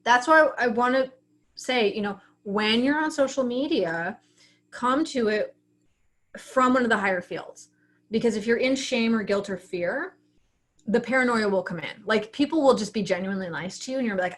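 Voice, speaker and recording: A woman's voice: a little high, moderate pace. A woman coaching writers in a casual livestream class, talking frankly and often acting out her own thoughts. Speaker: writing coach teaching an online class.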